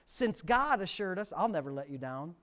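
Male pastor, middle-aged, sermon delivery, stage mic, pitch jumps way up at the peaks. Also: big pitch swings, moderate pace. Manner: preaching with sudden loud rises to near shouting.

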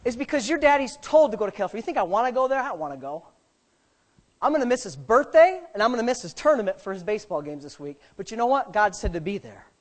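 Fervent pastor preaching. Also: male voice, sits high, expressive, quick pace. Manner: fervent, swinging from quiet to shouting. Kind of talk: sermon.

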